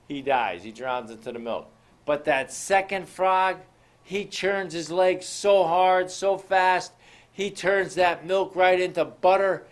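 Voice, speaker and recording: A man with a slightly high voice gives a motivational talk, calling his listeners "folks". He moves from story to story and drives his points home with rhetorical questions. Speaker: motivational show host.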